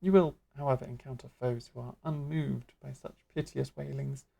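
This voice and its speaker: A woman's voice: rumbling low, fairly even intonation, moderate pace, gravelly, mellow, exaggerated voice. A woman voicing a grandly theatrical magic guild master who lectures in florid, archaic phrasing. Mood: grandiose.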